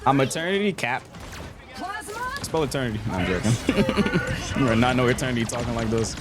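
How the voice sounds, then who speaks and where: A man's voice: mid-range voice, big pitch swings, a little fast, over loud music. A young man casually chatting on a game live stream, joking and teasing a viewer, laughing often. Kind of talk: casual live-stream chat while gaming. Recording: game sounds and noise behind.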